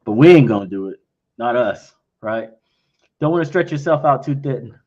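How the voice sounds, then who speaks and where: A man's voice: mid-range voice, lively intonation, normal speed, warm tone. Blunt, frank man on lo-fi audio. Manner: blunt and frank, acts out quoted exchanges. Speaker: company founder answering investor questions. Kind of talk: casual livestream Q&A.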